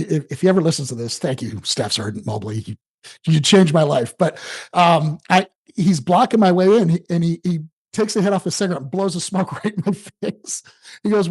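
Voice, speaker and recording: A man in his forties from the Detroit area tells his story as a podcast guest. His voice sits high for a man, and he talks in a lively, self-mocking way. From Detroit area, USA. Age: 40s. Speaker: podcast guest, home-selling coach. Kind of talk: casual storytelling interview.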